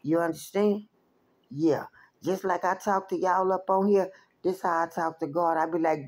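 A woman's voice: fairly low pitch, fairly even intonation, moderate pace, a little mellow. A woman who does spiritual readings, talking straight to her viewers in a blunt, profane, emphatic rant. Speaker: spiritual reader. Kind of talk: direct-to-camera rant.

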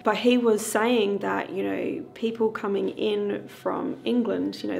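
A woman's voice: mid-range voice, creaky. A woman hosting a paranormal investigation vlog, chatting loosely to her viewers with fillers. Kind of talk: casual vlog chat to viewers.

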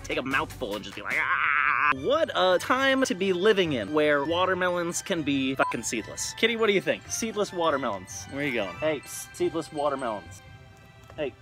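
A foul-mouthed, excitable man hosts a casual comedy DIY video, sarcastic in every line. His voice leaps up and down in pitch. The recording sounds roomy, with background music running underneath. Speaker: host. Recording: echoey room with music underneath.

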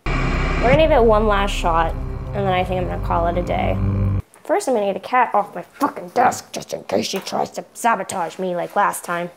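A woman's voice: on the low side, animated, moderate pace, creaky, low-quality recording. A young woman playing a horror game at home, talking back to its characters and swearing in frustration. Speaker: gaming YouTuber. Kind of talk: let's play commentary. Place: home room with a cat nearby. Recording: music playing under the voice.

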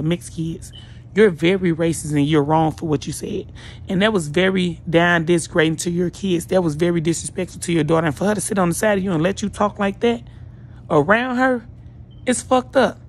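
A woman's voice: lowish voice, slightly rough. A woman vlogger delivering a blunt, profane, scolding rant straight to her viewers, sounding like she just woke up. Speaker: YouTube vlogger. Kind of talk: ranting commentary vlog.

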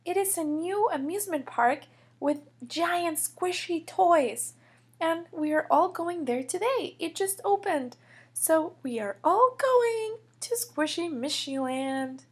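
A woman voicing a calm, motherly kindergarten teacher in a toy figure story. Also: extremely high pitch, takes it slowly, exaggerated voice.

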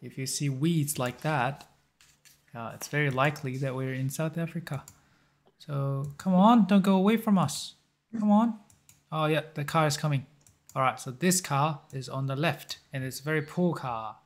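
A man hosting a map-guessing game video, thinking aloud in a halting, musing way with short chuckles. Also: medium pitch, fairly even intonation, a bit bright.

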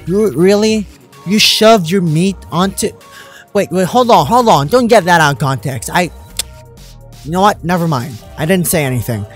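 A man hosting a let's play, commenting in an excitable, joking way with loud outbursts. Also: high-pitched, moderate pace, breathy edge, soft background music. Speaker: gamer, channel host.

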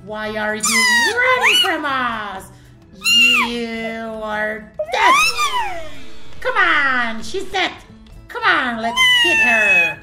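A woman's voice: sits high, huge pitch swings, drawn-out words, heavily acted. A woman voicing a gleeful, hungry cat monster in a playful game role-play, giggling, meowing and taunting. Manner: giggly, meows between lines, taunting. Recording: echoey room with loud game music.

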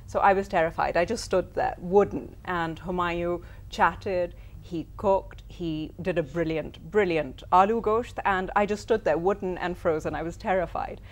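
A woman's voice: lowish voice, moderate pace, few pauses. A woman from Pakistan, a writer and cooking-show host, telling anecdotes as an interview guest and acting out quoted lines. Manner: lively storyteller, acts out quotes.

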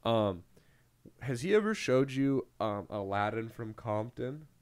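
A young man hosting a casual podcast chat, animated, who slips into loud, goofy impressions. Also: mid-range voice, measured pace. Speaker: podcast host.

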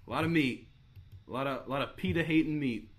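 A man's voice: medium pitch, a little hiss or hum. Joking young man hosting a webcast. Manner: joking, rapid, crude and mocking. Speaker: host of a live webcast. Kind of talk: casual crude banter.

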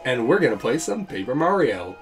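Young male let's player, bouncy lively pitch, giggles often, faint game music behind. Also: fairly quick. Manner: giggly, animated, lots of fillers. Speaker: let's play host. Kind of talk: casual let's play commentary.

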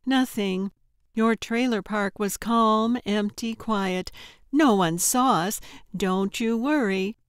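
A woman narrator voicing a giggly, unhinged female kidnapper who talks in a high, bubbly, overly friendly sing-song. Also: slow, clean tone, no echo, studio quality, natural voice. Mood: sugary, chirpy. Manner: chirpy and overly friendly, tittering. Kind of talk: audiobook character voice.

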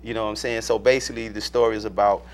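Rambling man, low-voiced. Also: fairly even intonation, very fast, slight background noise. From Alabama, US South. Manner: rambling storyteller, many fillers and restarts. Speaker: film director and producer, guest. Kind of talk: casual interview chat.

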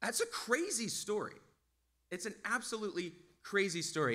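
A male pastor delivering a sermon in a relaxed, conversational manner, often asking his listeners "right?" His voice sits a little high. The tone is bright and tense. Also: a little fast. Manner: casual, conversational, with frequent "like" and "right?".

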